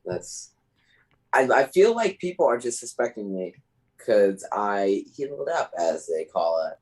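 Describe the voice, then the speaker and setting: A man's voice: fairly low pitch, big pitch swings, a little slow, a little mellow, low-quality recording. A man co-hosting a podcast, explaining himself defensively in casual chat. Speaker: podcast co-host.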